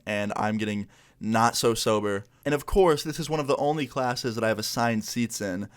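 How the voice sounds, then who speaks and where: A young man casually telling a story in a laid-back, slangy way, full of "like" and "you know.". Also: medium pitch. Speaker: vlogger.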